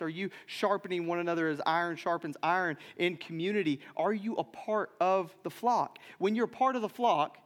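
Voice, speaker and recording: A male pastor delivering a sermon in a church, telling stories in an animated way and often checking in with "right?". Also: fairly high pitch, big-room sound. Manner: animated storytelling with frequent "right?" asides. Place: church sanctuary.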